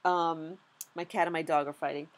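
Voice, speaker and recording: A young adult woman giving a casual vlog recap as a beginner stock trader, animated and candid, with lots of "like" and frequent swearing. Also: low-pitched, moderate pace.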